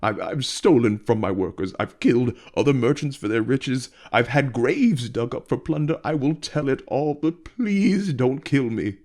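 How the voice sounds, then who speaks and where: A man's voice: lively intonation, normal speed, few pauses, lightly acted. A man reading aloud and voicing a cowardly, overweight merchant who stammers and begs in a raised, frightened voice. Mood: pleading. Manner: pleading, stammering, high and loud. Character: fat, cowardly, panicking male merchant.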